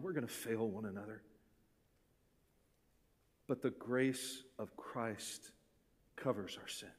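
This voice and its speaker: A male pastor delivering a sermon, swinging between hushed, intimate passages and forceful, rising appeals. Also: mid-range voice, big-room sound.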